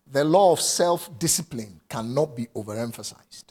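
Animated preaching man, husky voice. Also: fairly high pitch, normal speed, pauses often. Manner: animated preaching, swings from quiet asides to shouted prayer. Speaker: pastor. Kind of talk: sermon.

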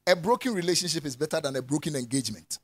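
A man preaching a lively sermon, swinging from loud calls to soft asides and laughing often. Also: fairly high pitch, very fast, slightly rough, no room sound.

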